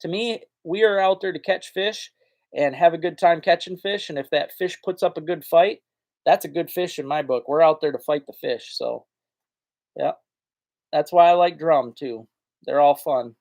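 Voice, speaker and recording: A man's voice: high-pitched, normal speed, vocal fry, a little mellow. A man hosting a live fishing chat, talking in a folksy, rambling way and answering viewers' comments. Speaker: fishing channel host. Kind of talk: casual live-stream chat.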